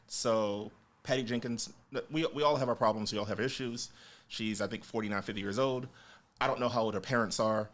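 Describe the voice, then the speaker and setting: Relaxed male filmmaker co-hosting a podcast. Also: lowish voice, brisk. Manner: relaxed, filler-heavy, laughs often. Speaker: podcast co-host, independent filmmaker. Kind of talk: casual film chat.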